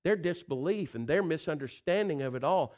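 A man delivers a folksy, animated sermon, swinging from loud emphasis to quiet intensity and often saying "listen" and "you know." His voice is a little high and fairly quick.

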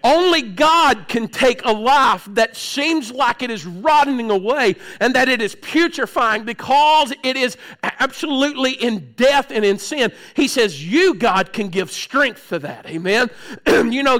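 Middle-aged male pastor, high voice, lively sermon delivery that drops to a near hush, frequent throat clearing. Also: measured pace. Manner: animated, swings from loud outbursts to hushed low tones.

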